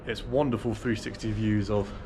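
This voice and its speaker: A man's voice: fairly low pitch, level tone, normal speed. A young man rambling chattily and mocking himself as he vlogs his travels around a town and from behind the wheel. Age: young adult. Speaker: travel vlogger. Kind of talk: casual travel vlog. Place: outdoors around a town and driving a car. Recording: noisy outdoor camera audio. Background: street ambience and vehicle noise.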